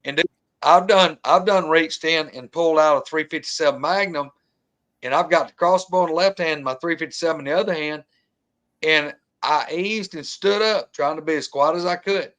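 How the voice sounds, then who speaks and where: A man with a drawl recounts a tense outdoor encounter in relaxed, colloquial talk. His voice sits somewhat high for a man. He gets animated and imitates the sounds he describes. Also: moderate pace. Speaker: guest telling an encounter story. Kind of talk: casual storytelling.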